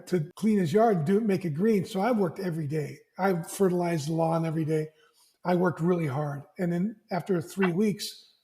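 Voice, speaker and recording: A man, an executive coach, talking as a podcast guest and telling stories with lively acted-out dialogue. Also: high voice. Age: older. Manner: animated storyteller who acts out family dialogue, frequent restarts. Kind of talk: conversational interview storytelling.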